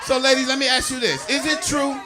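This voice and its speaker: Rowdy high-voiced male stand-up comic. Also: fairly quick, crowd noise. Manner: loud, animated, laughing, crude punchlines. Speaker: stand-up comedian. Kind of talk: stand-up routine. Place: live comedy stage.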